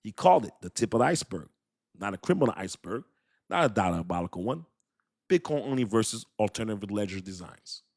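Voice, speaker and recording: A man putting on a calm, measured voice to play a male tech executive. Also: gravelly, dry recording, clean studio sound, exaggerated voice. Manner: calm, lowered, even delivery.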